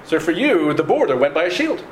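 Man teaching in a lively, singsong voice. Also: fairly high pitch, a little hiss or hum. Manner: halting restarts, lively singsong stress on Hebrew words. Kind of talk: Torah lesson on Hebrew pronunciation. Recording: echoey room with faint ambience.

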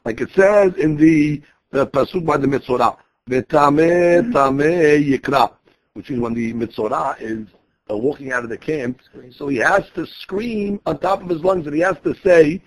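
A man's voice: fairly high pitch, normal speed. A man teaching a Talmud lesson, explaining each quoted phrase and restating his points in a conversational way.

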